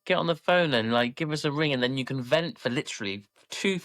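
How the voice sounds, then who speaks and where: A man co-hosting a podcast, who speaks in a lively, reassuring way with stumbling restarts. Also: medium pitch, a little fast, no echo, clean studio sound. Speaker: podcast co-host. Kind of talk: casual podcast chat.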